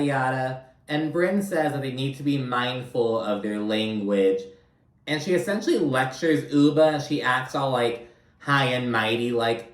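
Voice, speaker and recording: A man's voice: mid-range voice, distant mic. A man chats through a reality TV recap in a loose, profane, filler-heavy way. He sits a little back from the mic, and the room rings around his voice. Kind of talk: casual recap commentary. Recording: roomy, from off-mic.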